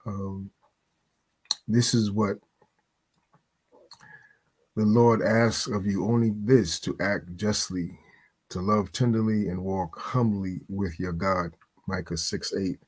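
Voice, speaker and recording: A man's voice: deep voice, steady tone, slightly rough. Earnest man quoting scripture. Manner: earnest, quotes scripture, halting with fillers. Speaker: podcast guest. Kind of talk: interview answer.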